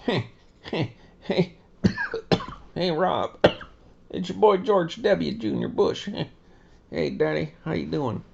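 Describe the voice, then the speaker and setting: A man's voice: on the high side, very animated, takes it slowly, vocal fry, pauses often, a little mellow, dull audio, pitched above the performer's own voice, heavily acted. A man doing an impression of a brash, folksy male president who teases and jokes in banter. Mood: jokey.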